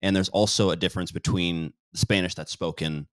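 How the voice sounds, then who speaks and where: Deep-voiced male host. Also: steady tone, no echo, studio quality. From United States. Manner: easygoing, deliberate host with fillers. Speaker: channel host, interviewer. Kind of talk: casual interview chat.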